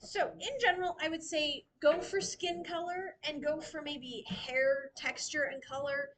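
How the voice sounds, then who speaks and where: High-voiced woman as a chatty workshop leader, giggling between points in a casual teaching style. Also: steady tone, unhurried, a bit bright, rough recording. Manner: giggly, chatty, laughs often. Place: library meeting room.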